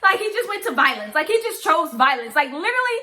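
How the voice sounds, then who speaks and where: A woman's voice: sits high, sing-song, fast talker, pushed and bright. A young woman, ranting emphatically and repeating herself in a vlog to camera. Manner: impassioned, repetitive, emphatic ranting. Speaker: vlogger. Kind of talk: direct-to-camera commentary vlog.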